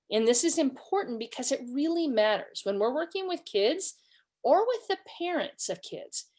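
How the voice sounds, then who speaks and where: A woman from California giving a conversational online webinar, telling stories and acting out quoted voices. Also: a little high. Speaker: webinar presenter.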